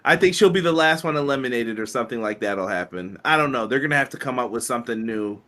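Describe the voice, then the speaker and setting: A man co-hosting a podcast in a relaxed way, reading viewer chat comments aloud and chuckling along. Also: mid-range voice, fast.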